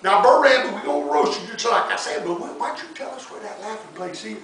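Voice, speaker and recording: A scheming, impatient fox from a spoken folk tale, as a man puts him on. He talks in a bossy, coaxing way with a bright, sharp tone. The voice echoes around the room, heard from a distance. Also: high voice, animated, quick pace, a little hiss or hum. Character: scheming grown male fox, pushy and impatient. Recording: echoey room, mic far off.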